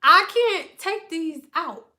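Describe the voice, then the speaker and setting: A bubbly female salon client, put on by a woman telling a story, gushes in a high, bright, squealing voice. She giggles and apologizes in a rush. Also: expressive, takes it slowly, heavily acted. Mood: giggly.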